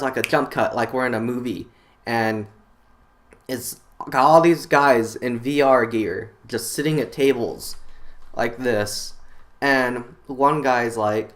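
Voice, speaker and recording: A man's voice: mid-range voice, fairly bright tone. Rambling man telling a dream. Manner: rambling, lots of fillers and restarts. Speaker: channel host. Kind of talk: casual storytelling about a dream.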